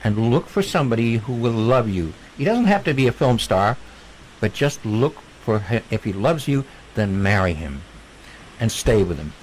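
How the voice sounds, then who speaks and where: A man, a guest on a video call, earnestly telling a personal story in a gentle way. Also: lowish voice, big pitch swings, moderate pace, slight background noise, rough recording.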